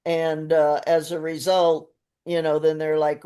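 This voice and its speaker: A woman's voice: sits low, completely flat delivery, a little slow, dark tone, clean tone. A woman hosting an interview on a coaching call, asking long, rambling questions and laughing often. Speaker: interview host.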